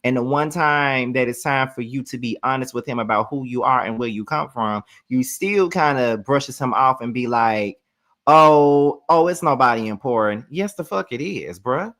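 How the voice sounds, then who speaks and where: A man's voice: mid-range voice, animated, normal speed, hardly any pauses, fairly bright tone. A man hosting, reacting to a clip with blunt, emphatic, slangy commentary. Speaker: host.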